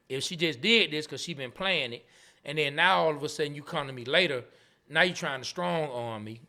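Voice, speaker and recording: A man from Atlanta, co-hosting a casual sports and culture podcast, laughing often and repeating words when excited. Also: fairly high pitch. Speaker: podcast co-host.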